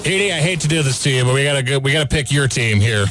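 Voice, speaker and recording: A man hosting a casual sports radio show, briskly running through game picks and questioning his co-hosts. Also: mid-range voice, animated, fairly bright tone, soft background music. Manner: brisk, moves the segment along with quick questions.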